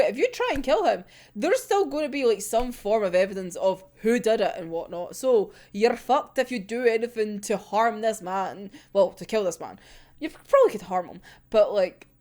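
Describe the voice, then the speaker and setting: A woman's voice: on the high side, darkish tone. A young woman casually talking through a manga chapter, giggling often and swearing freely as she gushes. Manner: giggly, swears a lot, gushing. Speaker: manga reaction channel host.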